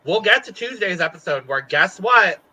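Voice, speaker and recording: A man's voice: sits high, animated, normal speed, bright, forceful tone, poor audio. A man co-hosting a podcast, recapping a reality show in a playful, jokey casual chat. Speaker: podcast co-host.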